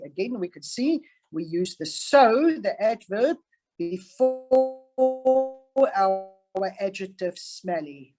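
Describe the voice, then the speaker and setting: A woman's voice: mid-range voice, lively intonation, slow, mellow, faint music behind, rough recording. A woman English teacher giving an online grammar lesson on a video call, patient and stressing each example sentence. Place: online class.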